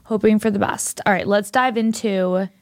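Telling a story during casual chat, a young podcast co-host acts out both sides of the conversations at a moderate pace. Her mid-range voice stays fairly even in intonation, and there is no echo.

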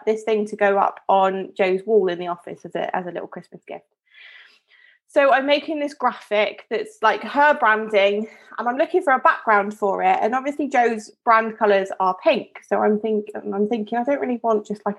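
A woman's voice: mid-range voice, moderate pace. A woman from Devon co-hosting a podcast, telling a story in a chatty, casual way with lots of fillers and restarts. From Devon, England. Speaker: podcast co-host. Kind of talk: casual chat.

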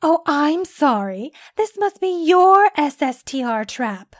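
A woman's voice: on the high side, lively intonation, slow, no room sound, studio quality. A woman voicing a boastful, sarcastic female biologist who scoffs at her rival.

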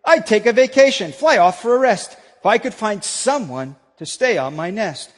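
A man's voice: high-pitched, big pitch swings, moderate pace, big-room sound. A pastor voicing a lazy, bored female bird who begs to be let off her nest, in a sing-song, pleading way. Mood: bored whining.

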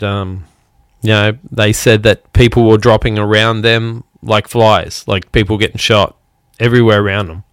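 A man's voice: fairly low pitch, no room sound, clean studio sound. A musician hosting a podcast, a man from outside the United States, talking bluntly with lots of swearing and heavy sighs. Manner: blunt, swearing, sighing pauses. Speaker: podcast host. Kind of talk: angry podcast monologue.

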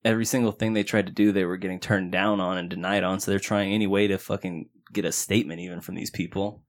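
A man's voice: low-pitched, steady tone, fast talker. A man co-hosting a casual true-crime podcast, cracking jokes and swearing casually as he reacts to the case. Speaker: podcast co-host.

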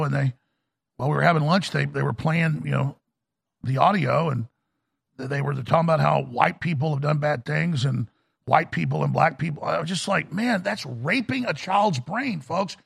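A man's voice: a little high, creaky, fairly bright tone, slightly rough. A middle-aged man hosting a talk radio show, ranting in a fervent, indignant, rambling way. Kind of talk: heated political talk radio.

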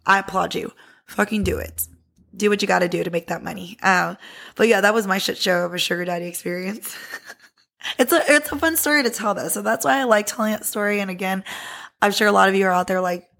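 A woman podcast host telling a personal story in a casual, candid, heavily profane way, animated and lively. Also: mid-range voice, fast talker, gravelly.

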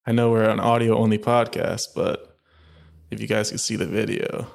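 A man co-hosting a film podcast, relaxed and joking in casual chat. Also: lowish voice, normal speed, vocal fry. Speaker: podcast co-host.

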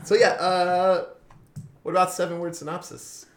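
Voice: mid-range voice, normal speed, a loud crowd. Laid-back podcast co-host in a roomy space. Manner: relaxed, lots of "like" and laughs. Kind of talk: casual chat. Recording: roomy echo.

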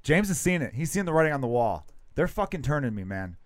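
A man hosting a podcast, chatting casually with quick, profane, joking banter. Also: fairly high pitch, big pitch swings, no echo, clean studio sound. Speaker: podcast host.

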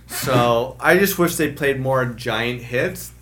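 A man's voice: medium pitch, slow pace, fairly bright tone, slight background noise. A man co-hosting a podcast, joking around and poking fun at himself in casual chat. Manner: jokey, self-mocking, slips into silly impressions. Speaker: podcast co-host.

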